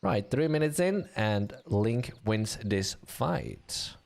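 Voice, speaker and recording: A man commentating an online game league, chatty and bantering with viewers, with a voice getting a bit rough. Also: lowish voice, slow. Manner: chatty, animated, laughs and banters with chat.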